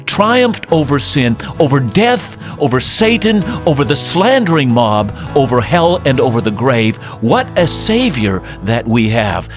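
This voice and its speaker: A man preaching a sermon in an earnest, emphatic way. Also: a little high. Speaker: pastor. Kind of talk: radio sermon.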